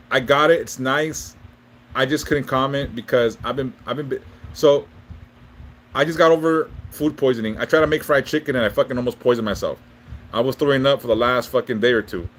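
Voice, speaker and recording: Medium-pitched and a bit bright, a man runs a laid-back livestream where he talks with viewers and offers spiritual readings. His speech wanders, keeps restarting, and is full of swearing, over slight background noise.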